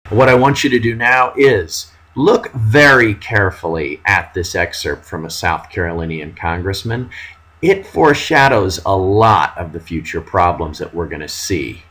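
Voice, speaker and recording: A man teaching a history lesson, dramatic and animated, reading out period quotes with mock outrage. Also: deep voice, moderate pace, husky, low-quality recording. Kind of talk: classroom history lecture.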